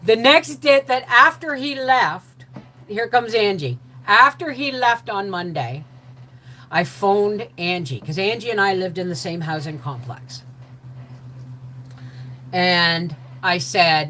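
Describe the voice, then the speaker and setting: An older woman telling a personal story in an animated way, acting out the voices of the people in it. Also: mid-range voice, slow, slight background noise, rough recording. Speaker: host.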